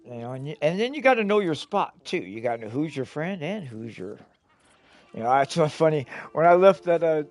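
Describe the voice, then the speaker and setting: A man's voice: fairly high pitch, very animated, a little fast, soft background music. A middle-aged man telling stories casually on a live stream, rambling and profane, often chuckling.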